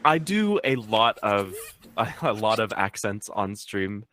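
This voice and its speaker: A man's voice: lowish voice, very animated, slow pace, a bit bright, slight background noise. A young man guesting on a casual interview, easygoing, with a slight cold. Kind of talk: casual chat.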